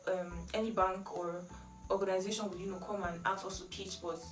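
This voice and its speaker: A young Nigerian woman talks through a casual vlog story in a chatty, animated way. Her middle-pitched voice sits a little back from the mic in an echoey room. Faint music plays underneath. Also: brisk, recorded from a distance. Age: young adult. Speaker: vlogger.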